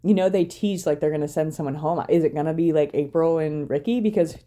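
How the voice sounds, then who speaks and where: A woman's voice: deep voice, a little fast, mellow. A young woman co-hosting a podcast, recapping a reality show in a wry, chatty way and laughing often. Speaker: podcast co-host.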